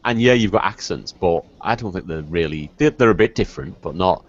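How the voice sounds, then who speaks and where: A man from the Wirral with a softened Liverpool accent, rambling and swearing freely as a casual podcast host. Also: deep voice, expressive, a little fast, a little hiss or hum. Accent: Wirral Liverpool English. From the Wirral, England. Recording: dull lo-fi podcast audio.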